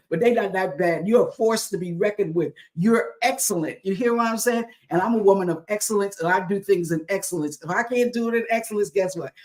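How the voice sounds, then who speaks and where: A woman's voice: mid-range voice, moderate pace, few pauses, darkish tone. A woman pastor hosting a livestream talk show, exhorting viewers, leading them in affirmations and greeting them by name.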